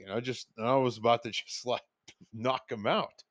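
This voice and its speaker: A man tells his own stories in a loose, rambling way, full of fillers and little restarts, and he slips into quoting himself as he goes. His voice sits at an ordinary middle pitch for a man. It is recorded close up, with almost no room sound. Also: normal speed, no echo. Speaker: podcast host telling stories. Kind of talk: casual storytelling monologue.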